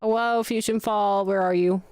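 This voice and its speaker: A woman's voice: mid-range voice, fairly even intonation, moderate pace, darkish tone, smooth, dry recording, clean studio sound. A young adult woman livestreaming games, chatting casually with her viewers and gushing when thanked. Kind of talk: casual gaming livestream chat.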